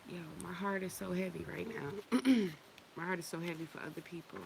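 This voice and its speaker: A woman's voice: on the low side, fairly quick, creaky, darkish tone, a little hiss or hum. A woman hosting a casual spiritual livestream, talking in a loose, heartfelt, profane way, often stopping and starting again. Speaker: livestream host.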